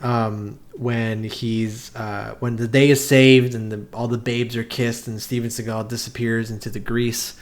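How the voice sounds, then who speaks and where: A man's voice: medium pitch, flat delivery, measured pace, hardly any pauses. A man co-hosting a comedy podcast, riffing on a movie in a rambling, casual way with laughs and swearing. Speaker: podcast co-host.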